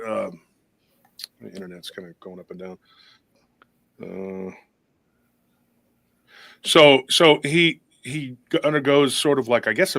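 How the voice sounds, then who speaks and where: A man's voice: medium pitch, fairly bright tone, dry recording. A man hosting a paranormal talk show, telling a long story in a rambling, casual way with many restarts and acted-out quotes. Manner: rambling, restarts often, acts out quoted voices.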